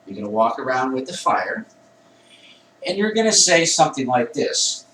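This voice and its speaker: A man, a Wicca priest, calmly explains a ritual step by step in a plain conversational way, sometimes correcting himself. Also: mid-range voice, moderate pace, slight background noise. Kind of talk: instructional ritual demonstration. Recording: echoey room, mic at a distance.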